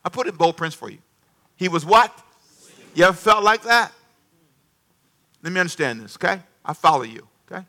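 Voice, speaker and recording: A man preaching a sermon with a high, very bright and forceful voice. He works the congregation with call-and-response questions and acts out dialogue, swinging between near-whispers and loud bursts. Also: big pitch swings, fairly quick, long pauses. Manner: acts out dialogue with varied volume.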